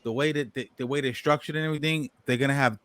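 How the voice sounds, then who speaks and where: A man's voice: mid-range voice, fairly even intonation, rapid-fire, fairly bright tone. A man from New co-hosting a casual sports podcast, talking in a rambling, profane way and repeating words as he thinks. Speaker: podcast co-host.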